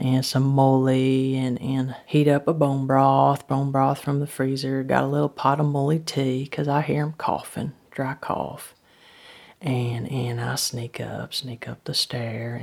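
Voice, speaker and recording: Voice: mid-range voice, vocal fry, darkish tone, slightly rough. A performer playing a rambling woman in a comic monologue, drifting between chatter and whispers. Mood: hushed. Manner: rambling, many restarts, drops into whispers. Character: homespun rural Southern woman, gossipy, rambling.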